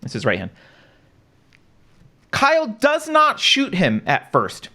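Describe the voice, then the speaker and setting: A man's voice: high-pitched, wildly swooping pitch, slow pace, sharp tone. A man hosting a talk stream, walking through events in a casual, conversational way, asking rhetorical questions and often adding "right?". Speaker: show host. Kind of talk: live-stream commentary.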